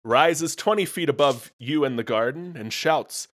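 A man narrating as game master in a tabletop game, with halting delivery and frequent restarts. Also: on the high side, fairly bright tone.

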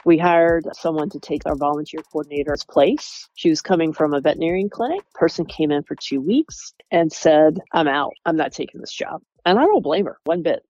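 A former employee telling a candid, animated story about workplace conflict and acting out coworkers' words. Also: medium pitch, fairly quick, hardly any pauses, dull audio. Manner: animated, acts out quoted coworkers.

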